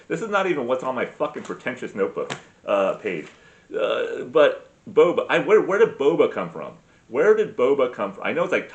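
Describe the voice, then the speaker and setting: A man's voice: medium pitch, highs cut off. A man in his forties rambling through a profane, comedic monologue as a podcast host, forever drifting off on tangents.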